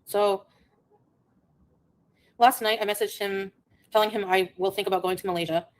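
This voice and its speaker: A woman vlogger telling a story in a rapid, exasperated way, reading out text messages. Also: mid-range voice, fairly even intonation, a little hiss or hum. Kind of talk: casual storytelling vlog.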